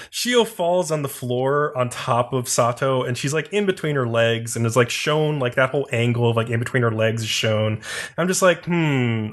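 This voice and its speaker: Man, podcast co-host, casual chat, loose rambling delivery, middle pitch. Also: fairly bright tone. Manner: loose, filler-heavy, reacts with frequent "mm-hmm".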